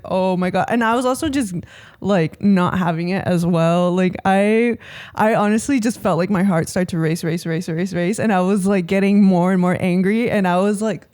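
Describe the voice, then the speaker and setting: A young woman co-hosting a podcast, chatting in an animated way and interjecting often. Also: medium pitch, normal speed. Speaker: podcast co-host. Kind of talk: casual chat.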